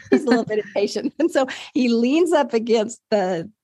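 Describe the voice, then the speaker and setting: An older woman, a lactation consultant, telling birth stories in a casual interview, animated and laughing often as she acts out what others said. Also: on the high side, moderate pace, dry recording, studio quality. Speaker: guest, lactation consultant and mother. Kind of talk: casual storytelling.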